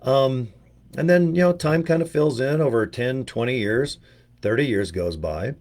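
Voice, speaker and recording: A man's voice: medium pitch, normal speed, a little mellow. An older man from the US giving a rambling, joking casual monologue as a video presenter, full of slang and asides. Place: home in Utah.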